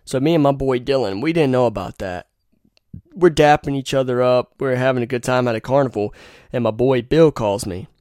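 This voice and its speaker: A man's voice: medium pitch, fairly quick, darkish tone, dry recording, studio quality. A young man hosting a podcast, telling rambling, profane stories and giving blunt opinions in a casual monologue. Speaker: podcast host.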